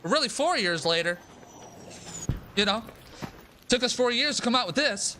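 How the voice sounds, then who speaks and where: A young man streaming a game, talking in a casual, profane, animated rant and repeating himself for emphasis. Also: very high-pitched, normal speed, slight background noise. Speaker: gaming streamer. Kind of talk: casual live-stream rant while gaming.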